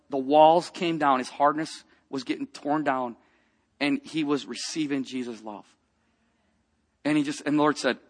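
A man preaching a personal testimony, telling a story with lively acted-out quotes and dropping to a hush for tender moments. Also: on the high side. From grew up in a rough biker family.

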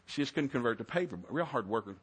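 A man's voice: medium pitch, animated, fast, husky. A middle-aged man, preaching a sermon in a folksy storytelling way. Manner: folksy storytelling, swings to loud shouted preaching. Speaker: pastor.

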